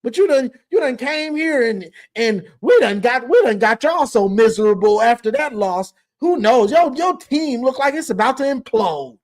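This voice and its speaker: A man's voice: very high-pitched, lively intonation, moderate pace, hardly any pauses. A man hosting a call-in sports show, teasing and laughing through a casual rant.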